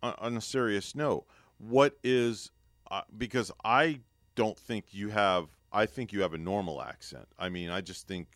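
A male radio host in casual banter, animated and often restarting his sentences. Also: fairly low pitch, a little slow, no room sound, clean studio sound.

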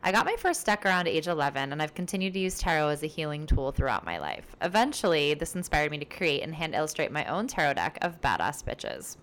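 Low-voiced chatty woman podcaster. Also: big pitch swings, quick pace, hardly any pauses, fairly bright tone. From based in New York City. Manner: chatty, upbeat, rambling with fillers. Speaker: podcast host and tarot reader. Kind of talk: casual solo podcast.

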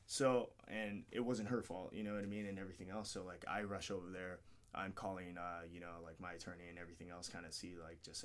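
A man's voice: fairly low pitch, fast. Candid, swearing man telling a story. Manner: candid, rambling, swears often, acts out quotes. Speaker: podcast guest, MMA fighter. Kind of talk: casual storytelling interview.

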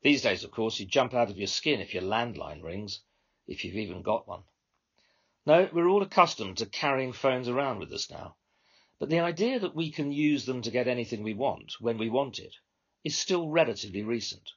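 A man, the author, reading his own short story aloud in a measured, conversational narration. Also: medium pitch, animated, husky, muffled recording.

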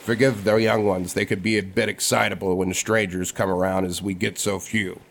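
Male GM playing a calm half-orc chief, formal and low-voiced, faint hiss. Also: vocal fry. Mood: courteous. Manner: formal, measured speech. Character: calm, courteous adult male half-orc clan leader.

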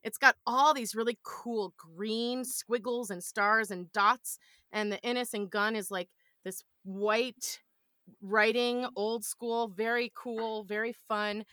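A woman's voice: on the high side, steady tone, slow pace, sharp tone, dry recording, clean studio sound. A woman chatting as a podcast guest, telling playful stories in a casual way. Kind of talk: casual chat.

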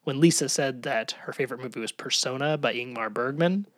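A man's voice: medium pitch, fairly quick, a bit bright, no room sound. A man co-hosting a podcast, recapping a sitcom episode in a wry, analytical, hedging way. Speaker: podcast co-host. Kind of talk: casual episode recap chat.

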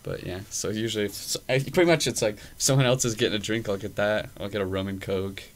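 A young man hosting a podcast tells a loose, profane story in casual chat, packed with fillers. His voice is on the low side and quick, with faint background noise in the recording.

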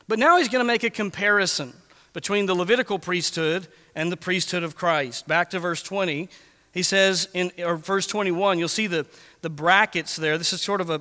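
A man preaching an expository sermon as pastor, earnest, slowing down to read scripture deliberately. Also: high-pitched, bright, forceful tone. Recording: long reverb of a large hall.

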